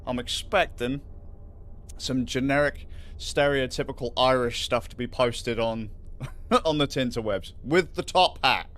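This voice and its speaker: A man's voice: medium pitch, a little slow, a bit bright. A man hosting a livestream in casual, rambling chat, swearing freely and laughing often. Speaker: livestream host.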